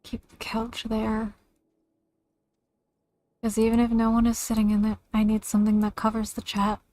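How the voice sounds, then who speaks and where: A woman's voice: a little high, monotone, normal speed, darkish tone. A young woman chatting casually on a game livestream, with a chatty, self-deprecating manner. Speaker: streamer. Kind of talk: casual livestream chat while gaming.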